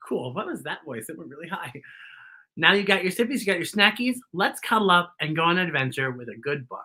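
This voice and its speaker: Reading a picture book aloud at a children's story time, a woman speaks playfully and straight to the kids in an animated way. Her voice is lowish and husky, and she talks a little fast.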